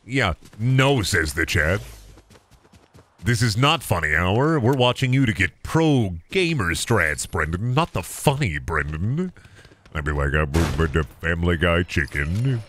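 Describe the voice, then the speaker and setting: A man's voice: on the low side, sing-song, unhurried, background noise. A young man streaming a shooter game, joking around and swearing as he plays. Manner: joking, repetitive bits, swears often. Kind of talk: casual gameplay commentary.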